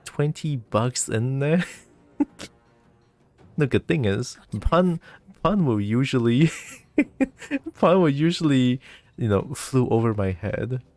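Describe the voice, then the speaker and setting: A man's voice: mid-range voice, very animated, slow, long pauses, darkish tone. A man casually commenting while playing a video game, chatty and laughing often. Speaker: gaming streamer.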